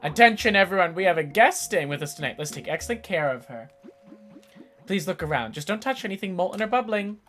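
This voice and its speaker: A woman's voice: on the low side, expressive, fast talker, fairly bright tone, faint music behind. A woman voicing a cheery, overly polite lodge keeper, reading game dialogue aloud with an affected accent and a grand hospitable manner. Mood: grandly welcoming.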